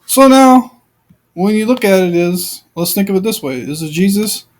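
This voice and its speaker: A man's voice: high voice, expressive, normal speed, poor audio. A man giving informal, rambling commentary on scripture, repeating himself and piling up rhetorical questions. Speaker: Bible commentator.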